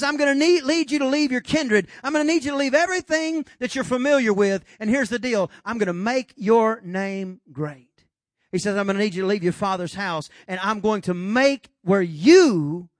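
High-voiced preacher man, dramatic delivery. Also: no echo, clean studio sound. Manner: preaching with dramatic rises and drops, acting out God's voice. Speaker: pastor. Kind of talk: sermon. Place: church.

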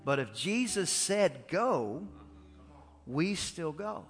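A male pastor preaching a sermon in a lively, casual storytelling style. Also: on the high side, takes it slowly. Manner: storytelling, animated, casual slang. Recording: echoey church hall with faint music.

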